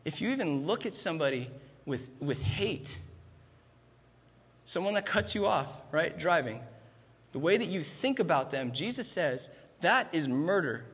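A man's voice: fairly high pitch, lively intonation, a little slow, a bit bright, husky, in a large hall. A man in his thirties preaching a sermon, emphatic, often starting lines with "man" and restarting phrases. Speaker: pastor.

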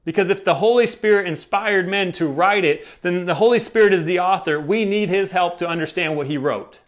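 A man's voice: high-pitched, brisk. A man preaching a sermon in a conversational, enthusiastic way, often asking "right?" as he goes. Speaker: pastor.

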